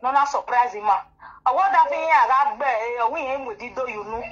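A woman's voice: high voice, a little fast, fairly bright tone. A woman calling into a talk show over the phone, chatting in a rambling way. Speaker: caller. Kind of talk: casual phone chat. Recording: dull telephone line.

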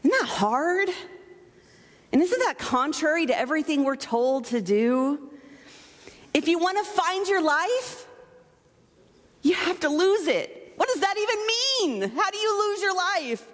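Woman pastor, high voice, lively playful sermon delivery, long hall reverb. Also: unhurried, pauses often. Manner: animated, playful, self-mocking asides. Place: church sanctuary.

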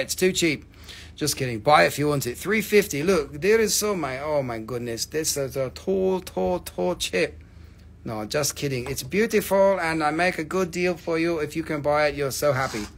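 A man's voice: on the high side, animated, moderate pace, creaky. A man hosting a live crystal sale, joking and teasing viewers, swearing freely and acting out mock despair over his own discounts. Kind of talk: joking live sales chat.

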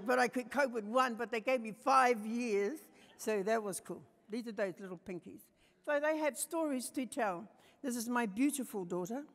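An older woman with a New Zealand accent tells personal stories to a conference audience, her voice set fairly high. She shifts between quiet, tender passages and forceful emphasis. Her voice rings out with a long hall reverb. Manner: passionate, swings between soft and emphatic. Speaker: conference speaker. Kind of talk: personal storytelling talk.

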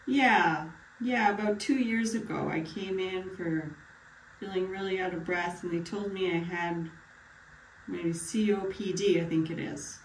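Speaking at a measured pace with a steady tone, this woman has a fairly low pitch and a little hiss or hum behind her. She's role-playing a tired, retired older male patient with a bad cough for a mock doctor visit, answering briefly and plainly. The room is echoey, the mic distant, and there's faint ambience.

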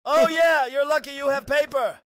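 Very high-pitched excitable man reacting. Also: normal speed, dry recording. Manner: exclamatory, keeps begging viewers to subscribe. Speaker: reaction video host.

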